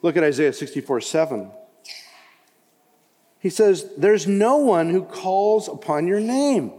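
A man's voice: high voice, expressive, unhurried, long pauses. Impassioned male preacher in reverberant hall. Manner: impassioned, rising to loud emphatic cries. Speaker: pastor. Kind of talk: sermon.

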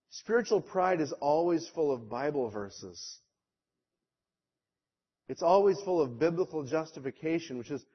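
Emphatic pastor preaching, high voice. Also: male voice, breathy edge. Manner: emphatic, rhetorical, mocking voices he quotes. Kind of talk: sermon. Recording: dull lo-fi sound.

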